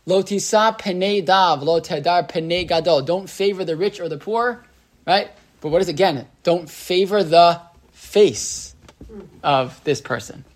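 A man teaching a conversational Torah class as a rabbi, often checking in with the room and mixing Hebrew terms into his English. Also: a little high. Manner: chatty, asks the room "right?", lots of restarts and "like".

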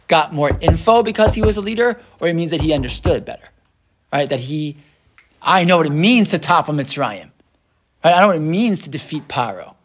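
A man leads a casual scripture class, his voice sitting a little high. He rambles, restarts his sentences and keeps checking in with his listeners. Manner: rambling, many restarts and tag questions. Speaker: Torah teacher.

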